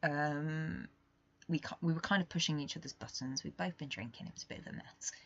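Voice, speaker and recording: A young woman hosting a podcast, talking candidly in a rambling, confessional way that swings between quiet and emphatic. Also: low-pitched, a little fast, husky, dull audio. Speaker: podcast host. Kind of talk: casual confessional monologue.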